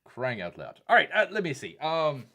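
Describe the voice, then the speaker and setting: A man's voice: fairly high pitch, wildly swooping pitch, moderate pace, bright, forceful tone. A man with a Southern accent hosting a casual live stream, rambling, reading viewer chats and calling himself by a nickname in third person. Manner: reads out viewer chat messages.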